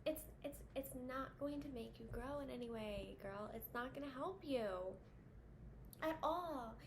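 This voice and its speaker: A woman's voice: high voice, a little slow. A young woman talking casually to camera about dating advice for women, blunt, chatty and full of swearing and fillers. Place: indoors at home with air conditioner running. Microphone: camera facing her. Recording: audible background hum at home.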